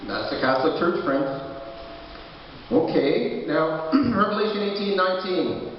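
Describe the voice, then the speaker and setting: A high-pitched man preaching a sermon, full of animated storytelling and stumbling repeats. He sounds far from the mic, in a big echoey hall with a long tail. The recording is dull and slightly noisy. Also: normal speed. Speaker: pastor. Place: church hall.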